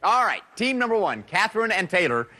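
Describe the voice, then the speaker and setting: A man's voice: high voice, very animated, a little fast, bright, forceful tone. A man hosting a game show, reading clues and scores in an upbeat, playful way. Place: television studio set. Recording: studio show with music and audience.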